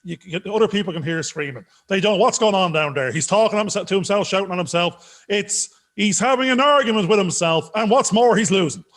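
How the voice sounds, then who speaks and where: A man co-hosting a podcast, cracking jokes in animated, playful, self-mocking banter. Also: high voice, brisk, few pauses. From Ireland. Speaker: podcast co-host. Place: video call.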